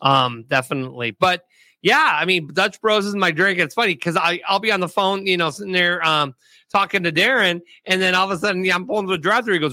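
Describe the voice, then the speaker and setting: A man's voice: sits high, bright, forceful tone, dry recording. A middle-aged man hosting a casual chat show over a video call, loose and joking. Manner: loose and joking, quick laughs. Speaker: podcast host.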